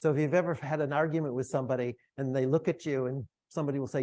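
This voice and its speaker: A man's voice: a little high, a little fast, mellow, no room sound. A middle-aged man giving a lecture in a room, talking in a conversational way with asides to the audience. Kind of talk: academic lecture.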